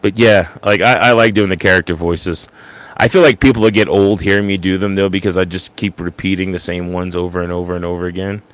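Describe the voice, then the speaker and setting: A livestream host with a low, fast voice and fairly even intonation chats casually with his viewers. He rambles and jokes at his own expense in a self-deprecating way.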